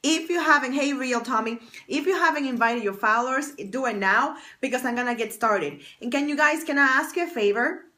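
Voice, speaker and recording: A woman's voice: sits high, a little fast, hardly any pauses, bright, forceful tone. A woman hosting a casual livestream as a fashion stylist and confidence coach, chatty and bubbly, thanking viewers by name. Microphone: external mic on phone stream.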